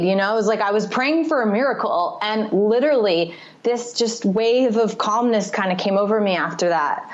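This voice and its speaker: A woman's voice: medium pitch, moderate pace, few pauses. Woman podcast guest, confessional storyteller, filler-heavy, dull lo-fi sound. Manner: confessional, rambling, frequent "like" fillers. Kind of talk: candid personal storytelling. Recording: slightly muffled podcast audio.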